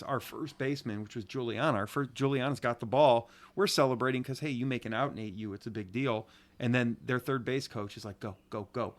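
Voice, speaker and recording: Brief: middle-aged Ohio man, Northeast Ohio accent, podcast co-host, animated storyteller, middle pitch. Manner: animated, acts out quotes. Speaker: podcast co-host, youth softball coach. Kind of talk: casual storytelling.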